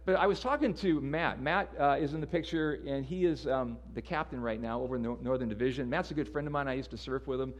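A man's voice: medium pitch, fast talker, hardly any pauses, muffled recording. A man preaching a sermon in a casual, conversational way, often repeating words as he restarts. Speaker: pastor.

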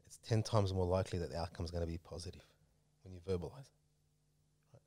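A man's voice: sits low, fairly quick, mellow, no echo. A man hosting a casual religious talk, emphatic and preachy, pushing up his voice to stress points.

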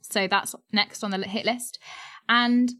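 A woman's voice: mid-range voice, fairly even intonation, unhurried, sharp tone. A woman hosting a podcast, upbeat and chatty, laughing easily. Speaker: podcast host. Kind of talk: casual chat.

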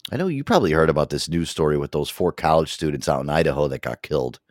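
A man's voice: a bass voice, fast, no room sound, studio quality. A man with a New York accent hosting a casual podcast chat, swearing freely and laughing often. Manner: profane, animated, laughs often. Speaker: podcast host.

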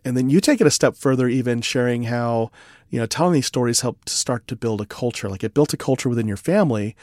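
Male podcast host, medium pitch, animated storyteller who acts out quotes, dry close-mic sound. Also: quick pace, no room sound. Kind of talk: interview conversation.

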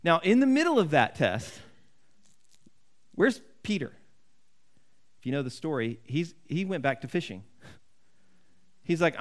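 Earnest preaching man, fairly high voice. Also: sing-song, unhurried, long pauses. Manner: earnest, conversational preaching with restarts and acted quotes. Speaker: pastor. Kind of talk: sermon.

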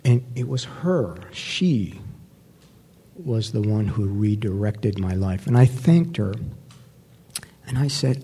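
A man giving a personal recovery testimony to an audience, speaking reflectively and pausing often with fillers. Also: fairly low pitch, animated, warm tone, husky. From New York. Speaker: speaker sharing his recovery story. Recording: long hall reverb.

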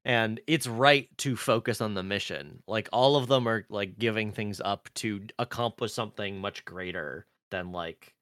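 A man's voice: fairly low pitch, normal speed, few pauses, fairly bright tone, dry recording. Casual male podcast co-host, rambling delivery, dry close mic. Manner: rambling, many fillers and restarts. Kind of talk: casual chat recapping a TV episode.

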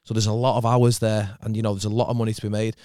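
A man's voice: on the low side, level tone, rapid-fire, dark tone, clean tone, no echo, studio quality. A young man, a doorman swearing freely as he tells a story in casual chat. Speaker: doorman telling stories.

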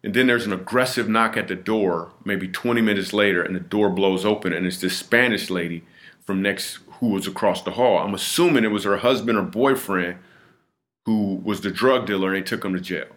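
A man's voice: lowish voice, fairly quick, fairly bright tone. A middle-aged man, a comedian guest on a podcast, telling a personal story in an earnest, vivid way, often restarting and repeating himself.

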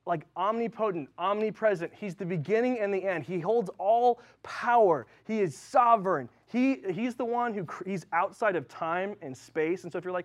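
A man's voice: high-pitched, normal speed, few pauses. A male pastor giving a casual, conversational sermon, full of ums and likes. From Southern California. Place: church.

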